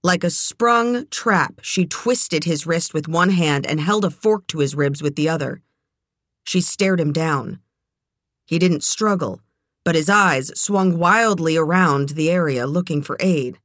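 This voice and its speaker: A woman narrating a novel as an audiobook reader, in a measured, even way. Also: sits low, dry recording. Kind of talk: scripted narration.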